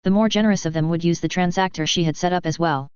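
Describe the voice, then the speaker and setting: Female narrator for a sci-fi audiobook, smooth and low, dry close sound. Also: fast talker, darkish tone, no room sound, muffled recording. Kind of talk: reading a sci-fi story aloud.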